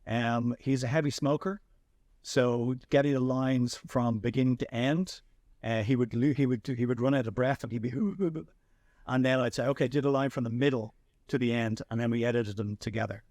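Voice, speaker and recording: Irish man telling a lively story. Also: medium pitch, brisk, dry recording. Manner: animated anecdotes with many restarts. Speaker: podcast host and filmmaker. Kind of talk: casual storytelling chat.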